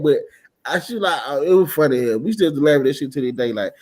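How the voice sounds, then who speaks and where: A young adult man hosting a casual chat show, telling a profane story loudly and with shouted bursts. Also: a little high, expressive, fast talker, husky. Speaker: podcast host.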